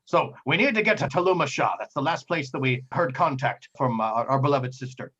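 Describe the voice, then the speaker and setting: A man voicing a clumsy, gruff male pirate captain with a hook for a hand, who talks in old-timey pirate slang. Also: medium pitch, fairly quick, fairly bright tone, lo-fi sound, close to an everyday voice.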